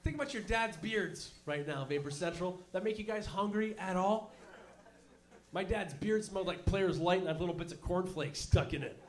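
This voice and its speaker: A young man doing a stand-up comedy set, telling profane, animated stories and slipping into mock voices. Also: high voice, moderate pace. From Canada.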